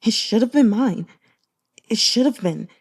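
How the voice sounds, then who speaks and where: A woman reading the part of a broken young man with a damaged mind, speaking in halting, stammering short sentences while choked up and near tears. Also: high-pitched, expressive, husky, full character voice. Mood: tearful.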